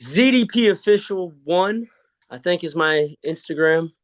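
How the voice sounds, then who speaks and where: A man chats as a podcast guest in a loose, slang-heavy, joking way. His voice is smooth and resonant, set a little high, and it carries an easygoing swagger. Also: lively intonation, measured pace, dull audio. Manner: laid-back, slangy, joking. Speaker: wrestler guest. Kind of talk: casual interview chat.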